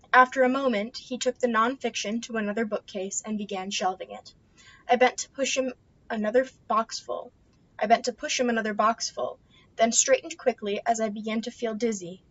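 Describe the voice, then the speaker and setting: Woman, light voice, steady read-aloud of a novel; dry, dull recording. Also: a little high, normal speed. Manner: steady first-person narration. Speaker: book reader.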